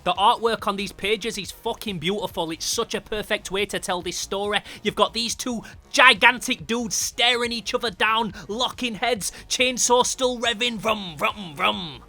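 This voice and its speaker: An excitable man talks through a horror comic, swearing freely and acting out the sound effects in a bright, forceful voice. Faint music plays underneath him. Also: high-pitched, moderate pace, hardly any pauses. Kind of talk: casual comic review narration.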